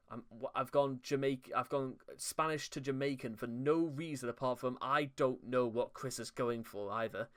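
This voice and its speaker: A young man with a smooth, resonant voice, pitched in an ordinary middle range. He hosts a commentary video, reading narration and breaking off into sarcastic, mocking asides that are full of stumbles and restarts. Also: moderate pace, few pauses, fairly bright tone. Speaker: commentary channel host.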